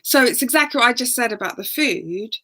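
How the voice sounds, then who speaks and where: A woman, a guest and oracle card reader, explaining in a relaxed, gentle way with many fillers. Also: a little high, brisk. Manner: gentle, hesitant with fillers, acts out voices.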